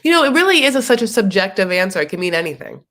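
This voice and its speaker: A woman's voice: mid-range voice, very animated, rapid-fire, a bit bright. A woman hosting a casual live reaction chat, chatty and sassy, tossing out jokes and asides as she recaps. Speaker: recap show host.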